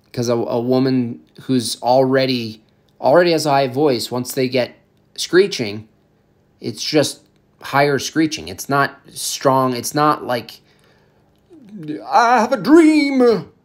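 A man ranting provocatively in a casual comedic podcast style, rambling with halting restarts. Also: medium pitch.

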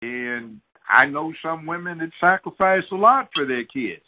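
A man's voice: on the high side, lively intonation, unhurried. A man guest on an interview show, telling stories and giving advice in an emphatic, lecturing way. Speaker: guest, judge. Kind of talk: interview talk, storytelling and advice. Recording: phone-like narrow sound.

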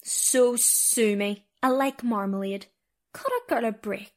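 A woman's voice: fairly high pitch, slow pace. Theatrical mock-indignant woman host. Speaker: podcast host. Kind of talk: comedy sketch.

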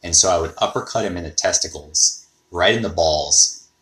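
A man's voice: low-pitched, normal speed, fairly bright tone. A man hosting a podcast, rambling and thinking aloud in a casual monologue. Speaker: podcast host.

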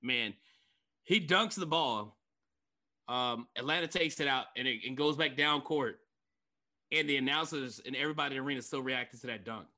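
Excitable man, bright slangy sports talk. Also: mid-range voice, moderate pace. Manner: excitable, slangy, laughing often. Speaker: podcast host. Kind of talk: casual sports chat.

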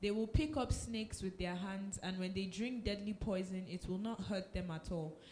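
A woman reading scripture aloud in a steady, even way during a sermon. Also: medium pitch, moderate pace. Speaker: scripture reader. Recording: echoey room with faint noise.

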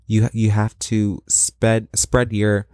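Deep-voiced young man rambling on a podcast. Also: level tone, slow pace, mellow, clean tone, no room sound, studio quality. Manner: rambling and playfully self-aggrandizing, with laughs and dramatic asides. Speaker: podcast host. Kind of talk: casual solo podcast rant.

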